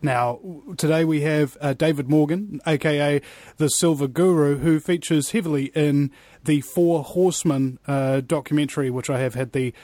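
Excitable New man hosting. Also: a little high, moderate pace, dry recording. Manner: excitable, swings between loud asides and mumbled fillers. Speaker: podcast host. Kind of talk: talk show interview.

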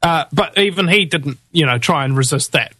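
A man's voice: on the high side, normal speed, sharp tone, slightly rough, dry recording. A man hosting a talk show, ranting in heated, indignant commentary full of rhetorical questions and fillers. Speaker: host of a political talk show.

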